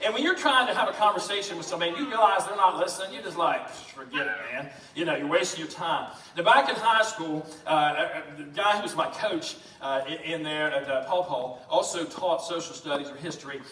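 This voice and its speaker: A man preaching a lively, joking sermon in a church, talking fast and addressing the congregation. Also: fairly high pitch. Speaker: pastor. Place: church sanctuary. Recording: echoey church from a distance.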